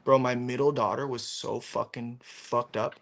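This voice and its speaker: Animated man telling swear-laden stories. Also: medium pitch, a little slow. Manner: animated storyteller, swears freely, acts out quotes. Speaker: stream host. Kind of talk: casual chat.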